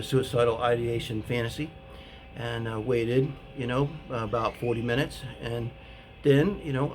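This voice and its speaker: A man telling a personal story in a casual, rambling way, with many pauses and fillers. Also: medium pitch. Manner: rambling and hesitant, full of fillers. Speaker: author telling his own story.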